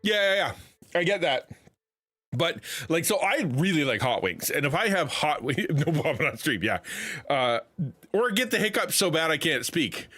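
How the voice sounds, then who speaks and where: A man's voice: a little high, big pitch swings, moderate pace, sharp tone, breathy edge, soft background music. A middle-aged man chatting casually on a live stream from his home setup, rambling with many restarts. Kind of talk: casual livestream chat.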